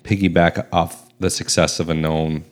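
Man with a really deep voice just chatting on a podcast, dry jokes. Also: flat delivery, moderate pace. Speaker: podcast co-host. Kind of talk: casual chat.

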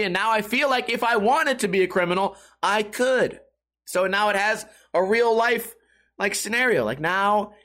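A young YouTuber rambles casually to his viewers in a high, fairly bright voice. He's laid-back and jokey, swears often and calls people dude.

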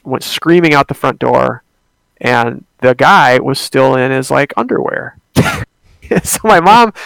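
A man's voice: medium pitch, vocal fry, fairly bright tone, no room sound. A young man telling a personal ghost story in a casual, rambling way, with many fillers and restarts.

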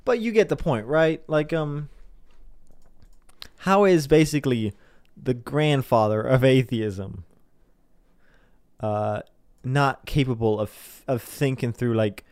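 A man's voice: mid-range voice, slow, long pauses, darkish tone, dry recording, clean studio sound. A young man giving a casual, sarcastic commentary monologue, rambling and mocking people in put-on voices.

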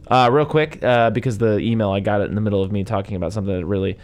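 Man, lowish voice, casual movie chat, rambling, lots of fillers and asides. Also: rapid-fire, few pauses. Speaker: podcast co-host.

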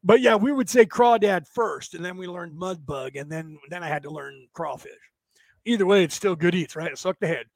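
With a high, gravelly voice at a moderate pace, a Californian man hosting a livestream reads the chat and chats casually with viewers. His folksy rambling is full of sentences tagged with "right?", and the recording is dry.

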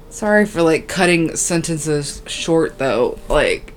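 A young woman hosting her podcast while badly short on sleep, her voice sitting low and her talk unhurried. She rambles, cuts sentences short and leans on filler words. A faint hiss runs under her close-mic voice. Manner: rambling, scatterbrained, valley-girl fillers. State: sleep-deprived, tired. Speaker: podcast host. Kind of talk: casual solo podcast chat. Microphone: podcast microphone.

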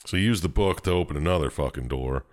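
A man with a very deep, low voice recaps a video game for friends. His storytelling is profane and animated, full of swearing. The talk stays loose and conversational. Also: quick pace.

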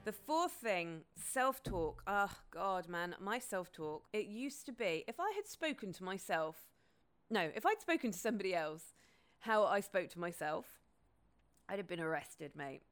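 A woman's voice: mid-range voice, big pitch swings, unhurried, fairly bright tone, smooth. A woman, hosting a podcast in a candid, casual, sweary monologue. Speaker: podcast host.

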